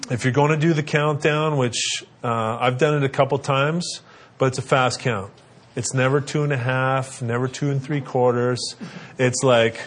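A man in his thirties, a father, casually telling family stories and giving parenting advice, acting out his kids in high squeaky voices. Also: slight background noise. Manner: animated, acts out kids' voices in a high pitch.

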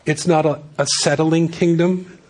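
A man's voice: a little high, steady tone, measured pace, a little mellow. A man preaching a sermon as pastor, reading scripture and adding casual, joking asides.

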